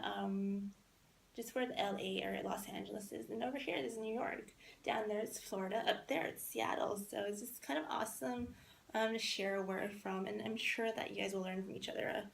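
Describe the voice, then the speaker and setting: A woman's voice: medium pitch, creaky, slight background noise. A woman from Southern California teaching a class in a chatty way, with many fillers.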